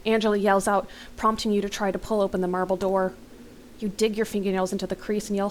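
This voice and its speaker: A young woman reads an interactive horror novel aloud for a let's play, dramatic in tone and quick to break off with gasps and remarks. Her mid-range voice sits close on a desk mic, with a faint hiss of room noise underneath. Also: mid-range voice, little pitch movement, poor audio. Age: young adult. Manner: dramatic reading broken by startled gasps and comments.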